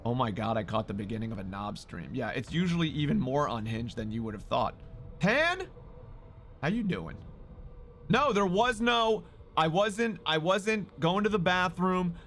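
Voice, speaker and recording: A man live-streaming who talks loudly and excitably, swearing and greeting viewers in chat. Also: fairly high pitch, normal speed, slight background noise.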